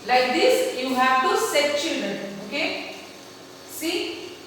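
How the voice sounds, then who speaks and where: A woman's voice: high voice, expressive, slow, fairly bright tone. A woman teacher with an Indian English accent, giving a computer lesson to children and checking in with them constantly. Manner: addresses pupils as children, repeats okay and see. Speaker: schoolteacher. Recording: echoey room, far from the mic, faint noise.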